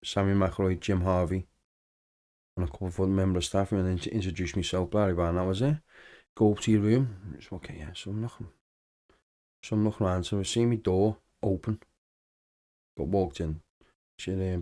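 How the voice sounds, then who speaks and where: Low-voiced man telling football stories. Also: a little fast. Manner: animated anecdotes with acted-out dialogue. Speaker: podcast guest, former footballer. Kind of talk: casual storytelling interview.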